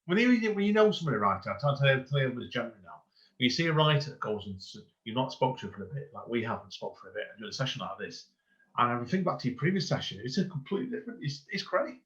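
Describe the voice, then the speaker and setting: A man hosts a podcast in a quick, tumbling way, showering praise on his guest and restarting his sentences as he goes. His voice sits at an ordinary male pitch. The sound is dull and lo-fi. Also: big pitch swings, a bit bright. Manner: effusive, rambling praise with many restarts. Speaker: podcast host. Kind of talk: casual interview chat. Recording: dull lo-fi recording.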